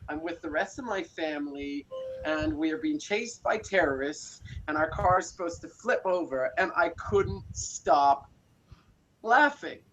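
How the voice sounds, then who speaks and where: A man's voice: a little high, animated, unhurried, a bit bright, a little hiss or hum. A man in his forties from South Africa, telling his story as an interview guest with many fillers and restarts. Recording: slightly muffled audio.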